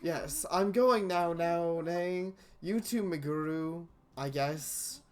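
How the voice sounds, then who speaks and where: A woman's voice: fairly low pitch, slow. A woman voicing an earnest, eager teenage boy leaving home, reading a visual novel's lines. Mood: cheerful.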